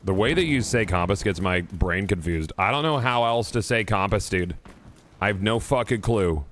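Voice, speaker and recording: Here a gaming streamer talks loosely and casually into his desk mic as he plays, cursing and often restarting his sentences. He speaks at normal speed in a fairly low, fairly bright voice, with a little hiss or hum in the recording.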